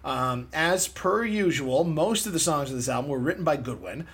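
A man's voice: a little high, moderate pace, breathy edge. A man co-hosting a casual music podcast, rambling with lots of laughter. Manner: animated, laughs often, rambling asides. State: neck and shoulder pain. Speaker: podcast co-host. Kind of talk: casual chat about music history.

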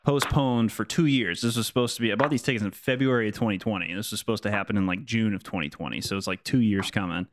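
A man's voice: lowish voice, quick pace, hardly any pauses. A man in casual chat with friends, telling about a concert in a laid-back, enthusiastic way.

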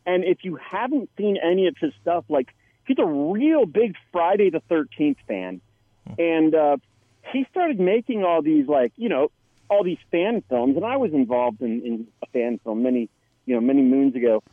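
A man's voice: a little high, sing-song, moderate pace, dry recording. Man telling stories over a tinny phone line. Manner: chatty storyteller with many restarts. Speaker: actor and guest. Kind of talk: casual interview anecdote.

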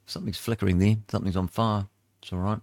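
Chatty New Zealand radio man, low dry voice. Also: steady tone, fast talker, a little mellow, no room sound. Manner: rambling, chatty, asides and fillers. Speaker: radio host. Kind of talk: casual radio chat reading weather.

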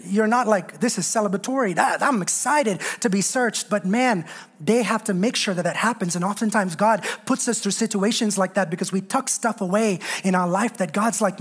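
A man preaching a sermon as a pastor, moving from raised, fervent passages to quiet, joking storytelling. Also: fairly quick, slightly rough. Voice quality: swings from loud preaching to low, quiet asides. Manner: humorous storytelling with self-deprecating jokes.

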